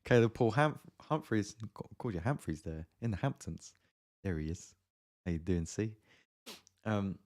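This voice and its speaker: A deep-voiced man, a music producer hosting a livestream, chats casually with his audience. He's relaxed and talkative, greeting viewers by name.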